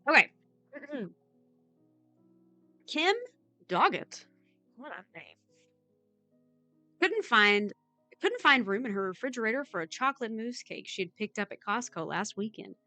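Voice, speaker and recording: A woman with a bright, crisp tone reads a news story aloud to a friend, dropping dry little comments between sentences. Her voice sits close and dry with no room echo, and faint music plays underneath. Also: fairly high pitch, very animated, moderate pace, pauses often. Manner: wry asides while reading. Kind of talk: casual chat, reading a news story aloud.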